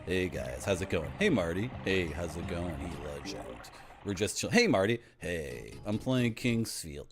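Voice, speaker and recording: A man's voice: low voice, sing-song, unhurried. Guy streaming a game and goofing around with chat, bouncy voice, game music going behind him. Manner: playful, joking with chat. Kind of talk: casual gameplay commentary.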